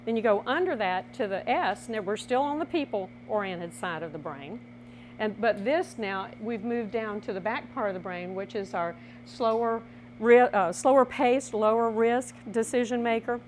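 A woman presenting a workshop in a lively teaching style, acting out little scenes as she explains. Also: on the high side, moderate pace, slight background noise. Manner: animated, laughing, acts out little scenes.

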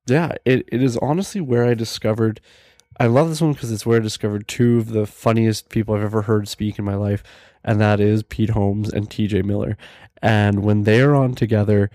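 Laid-back man with a low, mellow voice. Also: no echo, clean studio sound. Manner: enthusiastic, rambling with fillers and restarts. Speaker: podcast host. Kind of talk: casual solo podcast talk.

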